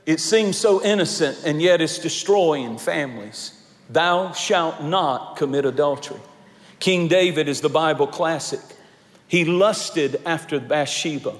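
A man's voice: on the high side, big-room sound. A male pastor preaching a sermon, telling stories and rising to emphatic points. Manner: storytelling, rising to emphatic peaks.

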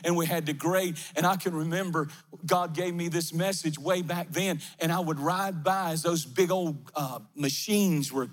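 Steady in tone and moderate in pace, a male pastor with a fairly high voice preaches fervently, repeating chanted refrains. The recording carries the long reverb of a big, empty sanctuary.

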